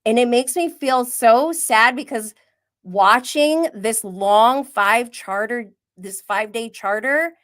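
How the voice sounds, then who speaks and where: A woman's voice: on the high side, slow, a bit bright. A woman hosting a live-stream reality TV recap, chatty and opinionated, often laughing and acting out quoted asides. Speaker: reality TV commentary host.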